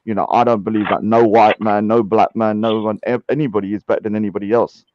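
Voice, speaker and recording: A man on a casual online panel, chatty and quick to act offended. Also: on the low side, flat delivery, darkish tone. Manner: chatty, mock-indignant, defensive. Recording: dull, dry sound.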